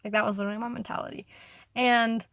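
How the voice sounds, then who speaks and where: A woman's voice: fairly high pitch, level tone, quick pace, creaky, fairly bright tone, no echo. A young woman vlogging a rambling storytime rant, full of swearing and "like" fillers, acting out what others said in raised voices.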